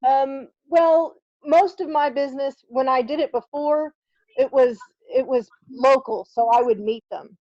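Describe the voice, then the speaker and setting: A woman's voice: sits high, a little slow, no room sound, lo-fi sound. A woman who is a new consultant, talking hesitantly on a call and thinking aloud with fillers. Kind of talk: casual call chat.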